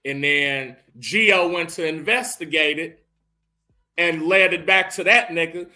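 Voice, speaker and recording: A man recapping a movie as casual comedy, telling it in a profane, animated way with rising bursts. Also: on the high side, unhurried.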